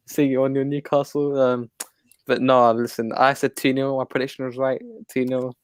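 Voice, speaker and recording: A man joins a casual football fan chat as co-host, his talk easygoing and unhurried in manner. His voice is dry and close with no room sound around it. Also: medium pitch, flat delivery, smooth, no echo.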